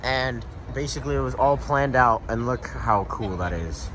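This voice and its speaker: A man's voice: mid-range voice, expressive, moderate pace. A young man chatting casually in a travel vlog, upbeat and easygoing, walking outdoors with a handheld camera. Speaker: travel vlogger. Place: outdoors in a town. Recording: loud outdoor street noise.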